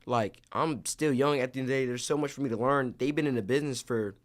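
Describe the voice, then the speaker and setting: A young man, an actor, telling stories in a casual interview, animated and acting out what others said. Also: medium pitch, quick pace. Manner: animated storyteller, acts out quotes.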